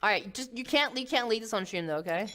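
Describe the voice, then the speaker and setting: A woman's voice: on the high side, lively intonation, fast talker, fairly bright tone. A woman chatting casually, flustered and pleading. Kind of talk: casual chat.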